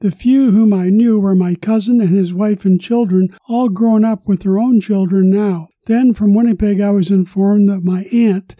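An older man hosting a podcast about retirement, reading a scripted personal story in a measured, formal way. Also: high-pitched, fairly even intonation, no room sound, muffled recording.

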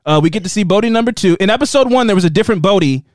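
A man co-hosting a casual podcast, sarcastic and lively, who laughs often and slips into quick impressions. His voice sits fairly high and swings widely in pitch. The sound is dry and close. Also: no room sound. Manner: animated, sarcastic, laughs often, acts out quotes. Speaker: podcast co-host. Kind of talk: casual chat recapping a TV show.

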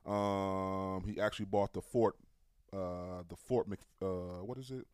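Male DJ host, low and relaxed, close dry mic, joking chat. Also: measured pace, clean tone, no echo. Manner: laughs often, relaxed banter. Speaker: radio show host, DJ. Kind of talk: casual radio chat.

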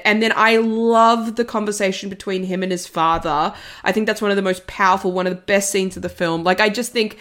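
A woman's voice: medium pitch, a bit bright. A woman from Italy, a guest on a movie podcast, chatting casually and gushing with lots of "like". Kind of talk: casual chat.

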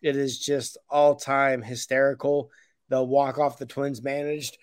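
A man co-hosting a sports podcast talks in a loose, opinionated way, often restarting his sentences. His voice is mid-pitched and sounds dry and close, with no room around it. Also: flat delivery, a little slow, smooth, dry recording. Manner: opinionated, blunt, rambling with restarts. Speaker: podcast co-host. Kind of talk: casual sports chat.

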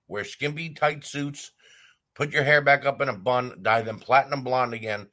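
A man's voice: medium pitch, normal speed, sharp tone. A man hosting a wrestling talk show, delivering a blunt, heated opinion rant with frequent fillers and restarts. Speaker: wrestling podcast host.

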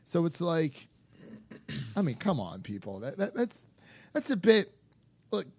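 A man co-hosting a podcast in casual chat, animated and full of fillers as he acts out quotes. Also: on the high side, takes it slowly, husky. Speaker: podcast co-host.

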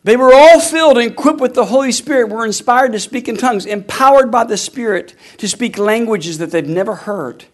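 A man preaching a sermon to a congregation. He calls out to the crowd for responses and breaks into loud, drawn-out bursts. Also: very high voice. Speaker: pastor.

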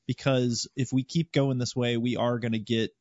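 A man with a mid-pitched voice recalls a flight, explaining carefully and restarting his sentences. the recording is dry and close, with dull, lo-fi audio. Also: level tone, normal speed, a little mellow, no room sound. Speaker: former Apache pilot. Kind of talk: casual storytelling in a group interview.

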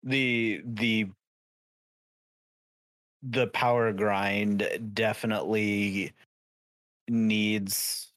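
A man talking as a guest on a gaming podcast, measured and agreeable with halting restarts. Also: on the low side, flat delivery, a bit bright, no echo. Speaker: podcast guest, content creator. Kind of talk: casual podcast chat.

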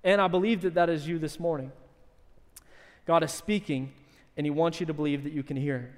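A man's voice: a little high, fairly quick. Man preaching in an echoing church hall. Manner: animated storytelling, shouting in acted quotes. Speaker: pastor. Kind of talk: sermon.

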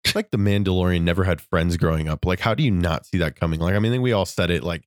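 Male co-host, deep low voice, playful quick asides, dry close mic. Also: no room sound. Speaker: podcast co-host. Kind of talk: casual chat.

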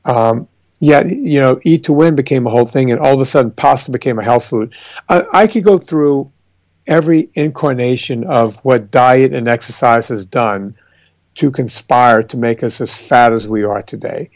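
A man talking in a casual podcast interview, animated and emphatic, always ready with a joke. His voice sits in an ordinary middle range for a man. The sound is close and dry, with no room around it. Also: mid-range voice, normal speed, no echo. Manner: animated storyteller, emphatic and joking. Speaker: guest, fitness trainer and author.

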